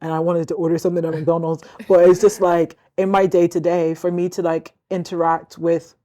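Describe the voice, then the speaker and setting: Young woman host, Northern Irish accent; mellow, rambling, reflective chat. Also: fairly low pitch, flat delivery, a little fast. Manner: rambling, filler-heavy, reflective. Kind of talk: casual chat.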